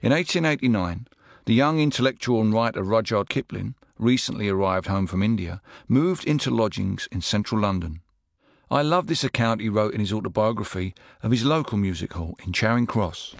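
A man presenting a documentary, delivering a measured, storytelling narration and putting questions to a guest. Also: lowish voice, animated, gravelly, music in the background.

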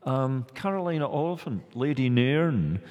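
A man talks as a scholar on a radio panel, thinking aloud, stumbling and restarting as he goes. His voice sits at an ordinary pitch. A long hall reverb trails each phrase. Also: animated, measured pace, darkish tone, highs cut off. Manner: thoughtful, hesitant with restarts. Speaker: literary scholar guest. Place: college hall with audience.

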